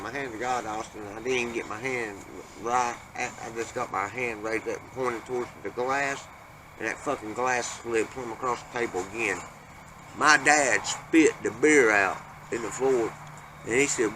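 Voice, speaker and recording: A man telling a family ghost story in a folksy, profane, animated way. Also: medium pitch, measured pace. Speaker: panel storyteller. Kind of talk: casual storytelling. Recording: noisy background hiss.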